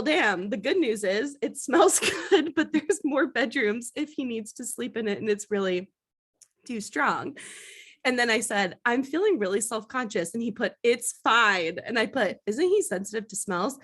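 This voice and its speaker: A young woman co-hosting a podcast, telling a story in casual chat, animated and laughing at herself. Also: a little high. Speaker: podcast co-host.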